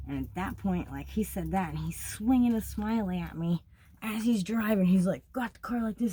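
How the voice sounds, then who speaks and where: A young woman telling a story of her travels in a casual, blunt, heavily profane way, getting animated as she relives it. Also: on the low side, normal speed, slight background noise.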